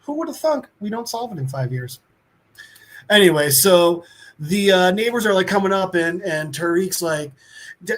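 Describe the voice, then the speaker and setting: A man's voice: high voice, lively intonation, moderate pace, fairly bright tone. A man co-hosting a podcast, casually recapping a comic book in a rambling, profane way, full of "uh" and "like" and with bits of acted-out dialogue. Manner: rambling, profane, filler-heavy, acts out quotes. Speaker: podcast co-host.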